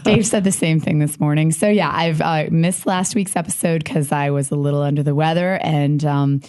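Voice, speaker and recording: A woman with a very low, husky voice, hoarse from a sinus infection. She co-hosts a podcast in relaxed, casual chat. Her manner is wry and teasing. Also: moderate pace. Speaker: podcast co-host.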